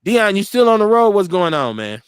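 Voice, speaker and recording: A man in his forties hosting an internet radio show, telling stories in a casual, animated way, acting out what people said and swearing freely. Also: high-pitched, fairly quick, clean tone, dry recording, studio quality.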